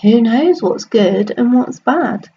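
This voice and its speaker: A calm, wise old farmer, as a woman storyteller voices him, speaking slowly and without fuss, near her own everyday voice. Each word is unhurried and even. The recording is slightly dull, with faint noise behind. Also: extremely high pitch, voice pushed up, heavily acted. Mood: serene. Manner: slow, unbothered, deliberate.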